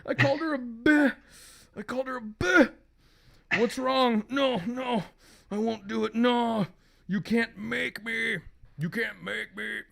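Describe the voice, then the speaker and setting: A man reading aloud and voicing an angry, possessed husband in an overwrought, shouting way. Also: very high voice, slow pace, creaky, voice pushed up, heavily acted. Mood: panicked. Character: furious possessed husband, adult man, snarling.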